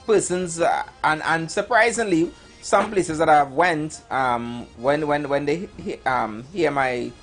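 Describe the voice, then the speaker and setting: A Trinidadian man co-hosting a casual radio chat, speaking hesitantly with many pauses and ums. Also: on the high side, a bit bright, soft background music. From Trinidad and Tobago. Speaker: radio show co-host.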